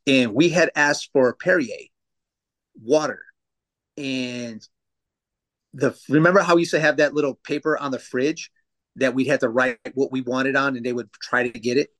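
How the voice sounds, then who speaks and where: With a mid-range, fairly bright voice, fairly even intonation, and a moderate pace, a man in his thirties tells stories as a tattoo artist guest on a podcast. His casual chat is loose and profane, with many fillers.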